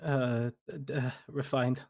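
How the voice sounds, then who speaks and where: A man in a tabletop game describes his character's actions in a relaxed, mid-pitched voice. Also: extremely slow, vocal fry, crowd noise. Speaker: player. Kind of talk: casual tabletop role-play.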